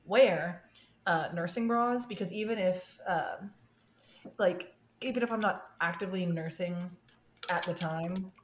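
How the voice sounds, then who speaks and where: A woman with a fairly low voice chats casually as a podcast co-host. She giggles often and drifts into tangents, with a roomy echo around her. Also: measured pace, slight background noise. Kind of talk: casual chat.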